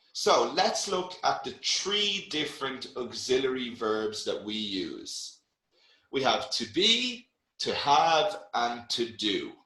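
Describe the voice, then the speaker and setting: A man's voice: mid-range voice, sharp tone, reverberant, poor audio. A man teaching an online English grammar lesson, encouraging his students and reading out their names.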